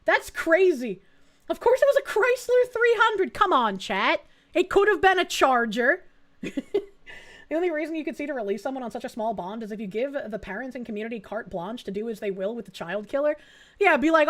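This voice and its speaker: A woman's voice: sits high, lively intonation, normal speed. A woman streamer reacting to news clips, blunt and indignant, swearing freely. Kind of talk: casual reaction commentary.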